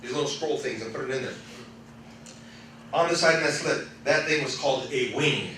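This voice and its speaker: A man preaching a sermon as pastor, animated and laughing often, swinging between loud exclamations and quiet storytelling. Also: medium pitch, a little fast, a little hiss or hum. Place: church sanctuary. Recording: echoey church hall, mic from far off, congregation responding. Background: congregation calling out responses.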